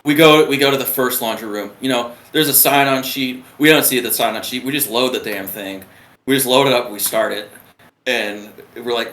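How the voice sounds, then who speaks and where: Brief: male veteran guest, animated and profane storyteller, roomy echo. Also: mid-range voice, brisk. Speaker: retired submariner guest. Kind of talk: casual storytelling.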